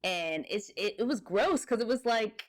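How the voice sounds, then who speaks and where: A woman's voice: medium pitch, animated, moderate pace. A woman co-hosting a podcast, chatting casually about a movie, laughing often and mimicking characters as she retells scenes. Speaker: podcast co-host. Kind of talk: casual movie review chat.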